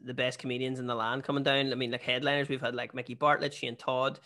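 A man's voice: mid-range voice, level tone, sharp tone. Chatty Northern Irish comedian, man. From Northern Ireland. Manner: chatty storyteller, quick jokes. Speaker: stand-up comedian and podcast guest. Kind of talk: casual podcast chat.

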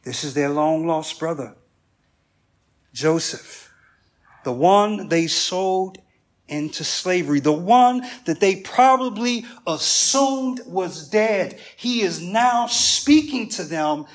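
A male pastor preaching a sermon, with animated storytelling and humorous asides. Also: sits high, slow pace.

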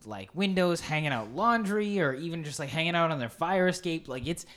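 A man's voice: on the high side, expressive, a little fast, fairly bright tone. A young man co-hosting a casual movie podcast, gushing with enthusiasm and plenty of filler words. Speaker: podcast co-host. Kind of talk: casual chat.

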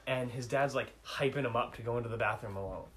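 Laughing at himself as he goes, a young man tells a funny story to friends in a casual, animated, self-mocking way. His mid-range voice moves fast, and the recording is low quality.

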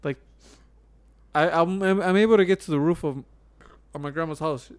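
Young man, smooth, dry close sound. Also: on the high side, normal speed, no echo. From Chicago. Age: young adult. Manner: rambling, profane storytelling with many restarts. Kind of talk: casual chat.

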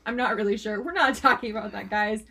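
A woman's voice: medium pitch, fast talker, gravelly, pushed and bright, slightly rough. A young woman co-hosting a casual podcast, playful and teasing with mock-serious setups. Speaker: podcast co-host. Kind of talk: casual chat.

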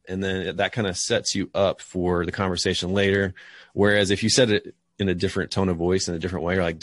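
A young man, a PE teacher and parent, answering interview questions in a relaxed, chatty way. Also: deep voice, fast talker, dry recording. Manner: relaxed, chatty, says dude and like a lot.

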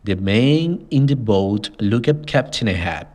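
A man reading a simplified adventure story aloud as the narrator, in a slow, measured way. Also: fairly low pitch, lively intonation, darkish tone. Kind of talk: scripted audiobook narration.

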